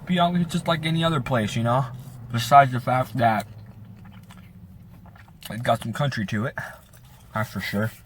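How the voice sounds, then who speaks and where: A man's voice: medium pitch, moderate pace, pauses often, a little hiss or hum. A young man from Bakersfield, California, with a slight Southern twang in his Central Californian accent, chatting casually to camera in a rambling way. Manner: chatty, rambling, sprinkled with "like" and "right?". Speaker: vlogger. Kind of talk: casual vlog talk to camera.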